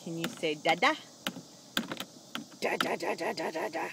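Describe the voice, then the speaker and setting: A woman's voice: on the low side, measured pace, gravelly, background noise. A young mother filming her toddler at home, coaxing him with sing-song baby talk from behind a handheld camera.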